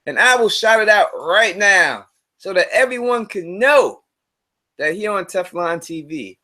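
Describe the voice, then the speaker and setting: A man hosting a casual live stream, talking loosely in slang and repeating himself, his voice swinging between loud and quiet. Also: high voice. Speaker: livestream host.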